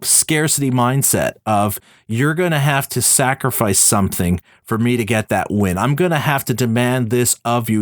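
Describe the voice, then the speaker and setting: Canadian man as podcast host, mid-pitched, thoughtful long questions, dry close sound. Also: no echo. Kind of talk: conversational interview.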